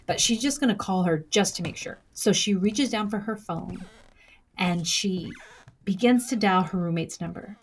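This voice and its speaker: Young woman, husky storyteller, measured true crime retelling, even mid-range voice. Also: mid-range voice. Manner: measured, dramatic pauses, acts out quoted lines.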